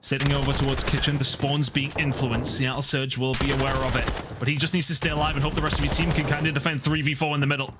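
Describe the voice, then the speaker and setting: Man casting esports over loud gunfire. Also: mid-range voice, fast, few pauses, very noisy. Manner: bursts into excited shouts at big plays. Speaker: esports caster. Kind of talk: play-by-play esports commentary. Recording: loud game gunfire behind. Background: game gunfire and clicks.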